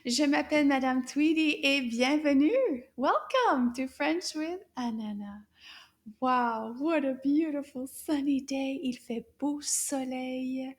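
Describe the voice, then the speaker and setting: A woman teaching a French lesson for children in an animated, exaggerated manner with gasps and asides. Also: high-pitched, slow.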